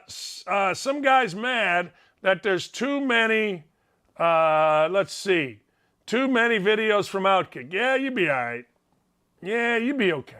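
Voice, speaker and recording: A middle-aged man talks in a casual, excitable monologue on a sports show. His voice sits fairly high, and he tells stories at his own expense, repeating lines for comic effect. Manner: excitable storyteller, self-mocking, repeats phrases for effect.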